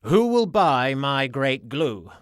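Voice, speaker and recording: A man voicing a gruff, scheming con man salesman who is in a hurry. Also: on the high side, sing-song, moderate pace, a bit bright, no room sound, clean studio sound, voice pushed up. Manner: gruff, impatient.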